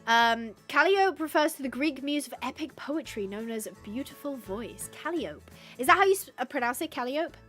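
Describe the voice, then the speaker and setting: Chatty high-voiced woman streamer. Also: lively intonation, normal speed, fairly bright tone, faint music behind. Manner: chatty, reads out chat suggestions, coos at animals. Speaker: livestreamer playing a horse-rescue game. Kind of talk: casual live-stream chat.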